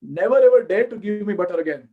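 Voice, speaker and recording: A man with an Indian accent voicing a mischievous, proud little boy who scolds indignantly in a raised, high-pitched voice. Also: expressive, a little fast, breathy edge, phone-quality sound.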